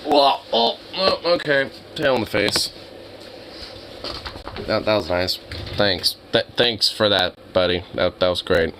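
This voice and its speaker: A man's voice: lowish voice, sing-song, slow, vocal fry, noisy background. A young man with a cold, casually talking to his dog in an exasperated, teasing way and swearing often. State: has a cold. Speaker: vlogger.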